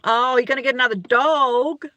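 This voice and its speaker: Hosting a live stream, a middle-aged Australian woman chats casually and rambles, greeting viewers by name as she goes through their comments. Her high voice is bright and forceful, with fairly even intonation at normal speed, and there's no echo.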